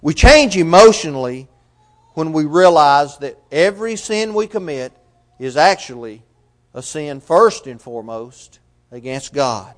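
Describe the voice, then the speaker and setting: A man preaching a sermon, asking his listeners rhetorical questions and swinging between loud emphasis and soft, quiet passages. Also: a little high.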